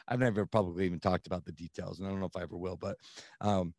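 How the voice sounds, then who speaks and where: A man in his thirties, a podcast guest, telling his own story in an earnest, animated way with plenty of "like" fillers. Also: deep voice, fast, no room sound, clean studio sound. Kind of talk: candid storytelling.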